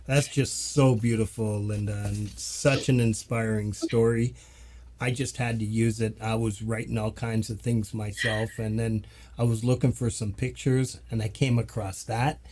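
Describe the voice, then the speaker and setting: A man's voice: on the low side, level tone, unhurried, darkish tone. Eager man hosting a video-call show. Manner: enthusiastic, chuckling, trails off. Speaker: show host. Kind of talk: casual interview chat.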